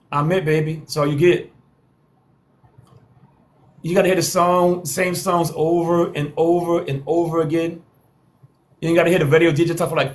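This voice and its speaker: Teasing slangy man hosting a live panel. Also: a little high. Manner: slangy, teasing, repeats himself for effect. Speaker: host of a live panel show. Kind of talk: casual live-stream talk.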